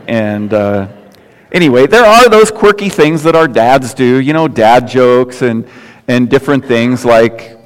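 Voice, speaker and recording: An older man preaching a sermon as pastor, telling folksy stories and jokes with casual asides. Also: mid-range voice. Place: church sanctuary. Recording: long hall reverb.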